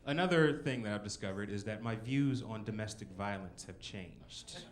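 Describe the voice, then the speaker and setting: A man's voice: on the low side, lively intonation, normal speed, heavy background noise. A man in his twenties doing a rambling, self-mocking stand-up set in a comedy club. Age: 20s. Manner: rambling, self-mocking, with frequent "you know" and "like".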